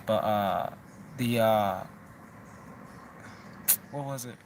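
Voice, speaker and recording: A man's voice: fairly low pitch, extremely slow, darkish tone, slight background noise. A man hosting a loose, casual chat, talking in a rambling, profane way with many restarts.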